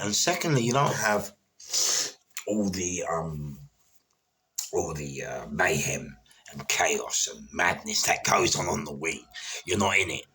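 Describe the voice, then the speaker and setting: A deep, husky man, speaking with a forceful, bright edge. He rambles through casual stories, stumbling over repeated words between plenty of fillers. He sounds middle-aged and unpolished. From London. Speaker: former prisoner telling stories. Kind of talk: casual storytelling.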